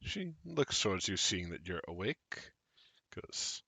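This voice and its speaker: A man's voice: low-pitched, very animated, slow pace, creaky, pushed and bright, husky, no room sound. A man narrating as game master of a tabletop game, with wry asides.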